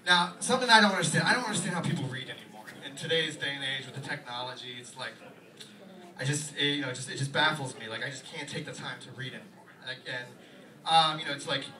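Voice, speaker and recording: A young man's mid-range voice, picked up from far away, carries a fast, rambling comedy routine full of fillers. He's performing stand-up in a small, echoey pub while the crowd is loud.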